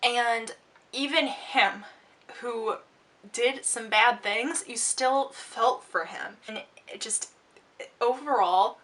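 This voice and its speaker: A woman reviewing a book while she does her makeup, talking in an excited, gushing way with lots of fillers and restarts, and sounding a bit out of breath. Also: fairly high pitch, takes it slowly, distant mic.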